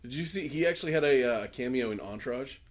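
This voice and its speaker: A man in mid-range pitch co-hosting a casual podcast. He rambles through stories, swears freely and laughs a lot. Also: lively intonation, fast talker. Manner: rambling, swearing, laughs often, retells scenes in put-on voices. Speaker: podcast co-host. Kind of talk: casual chat.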